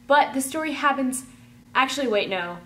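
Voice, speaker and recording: A woman telling a rambling, chatty storytime, full of "like" and excited gushing. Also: high-pitched, normal speed, very noisy. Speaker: vlogger. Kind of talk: casual storytime.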